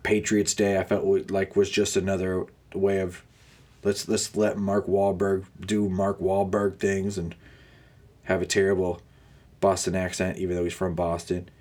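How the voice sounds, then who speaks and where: A man's voice: low-pitched, completely flat delivery, a little slow, darkish tone. A young man hosting a podcast, ranting sarcastically with frequent groans of disgust. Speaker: podcast host. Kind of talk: casual ranting monologue.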